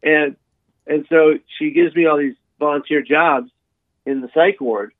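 A man telling a long personal story in an interview, animated, with frequent restarts and repeated words. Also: fairly high pitch, unhurried, no echo. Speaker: guest sharing his life story. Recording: dry tinny phone-like sound.

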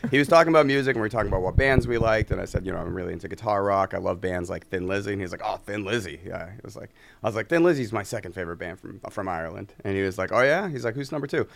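A man telling a story in casual chat, animated and acting out quotes in a raised voice. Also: low-pitched, rapid-fire, gravelly, slight background noise. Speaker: guest musician.

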